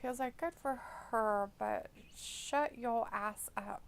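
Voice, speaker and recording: A woman hosting a casual live watch-along stream, chatty and quick to react out loud, often asking questions. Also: a little high, clean tone. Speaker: stream host.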